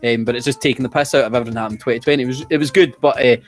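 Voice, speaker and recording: A man's voice: mid-range voice, steady tone, very fast, faint music behind. A man around forty, hosting a quiz in casual, sweary banter with restarts. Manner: chatty, sweary, trailing restarts. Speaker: quiz host.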